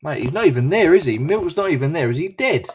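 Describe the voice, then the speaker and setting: A man runs a rowdy group voice chat, his pitch swinging widely as he jokes. He keeps poking fun at friends with crude, teasing banter. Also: lively intonation, fast talker, breathy edge.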